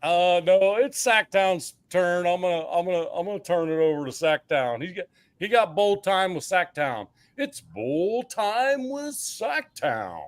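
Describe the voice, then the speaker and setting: A fairly high-voiced man tells jokes on a casual livestream. He laughs at his own punchlines and stumbles over repeated words. The sound is dry and close. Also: normal speed, clean tone, dry recording. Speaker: podcast co-host telling jokes. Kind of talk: casual livestream joke-telling.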